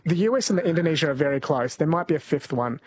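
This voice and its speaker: Chatty kiwi guy hosting radio, bit husky, pitched a touch high. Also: expressive, quick pace, no room sound. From New Zealand. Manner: chatty, laughs easily, reads texts aloud. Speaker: radio quiz host. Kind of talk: casual radio chat. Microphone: studio microphone.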